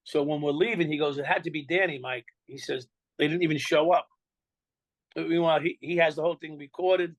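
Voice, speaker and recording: An older man with a New York accent tells his story in an interview, speaking bluntly and swearing freely as he acts out what people said to him. His voice sits a little high for a man. The sound is dry and close. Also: fairly even intonation, brisk, no room sound, rough recording. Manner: blunt, profane, acts out quoted dialogue. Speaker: interview guest.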